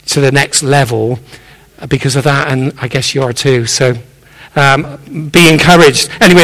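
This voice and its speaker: Visiting male preacher, high bright voice, earnest, encouraging, echoing church. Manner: earnest and encouraging, repeats key phrases. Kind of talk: sermon. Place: church sanctuary. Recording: echoey church hall.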